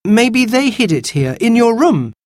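A man's voice: very high-pitched, big pitch swings, unhurried, no room sound, clean studio sound, voice pushed up, exaggerated voice. A man voicing a sensible, earnest young boy in a storybook reading. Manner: reasoning, earnest.

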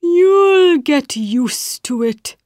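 A woman voicing a fussy, contrary male caterpillar in a storybook reading, drawing her words out slowly. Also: lively intonation, a little mellow, no echo, studio quality, full character voice. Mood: sleepy. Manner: drawn-out, slow squeaky exclamations.

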